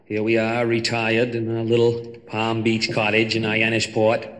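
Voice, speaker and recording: A Boston-accented president, halting and wry. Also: male voice, lowish voice, monotone, a bit bright. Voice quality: clipped, halting with drawn-out ums. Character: folksy middle-aged male president, dry and self-assured. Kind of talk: 1960s comedy album sketch. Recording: reverberant live comedy record.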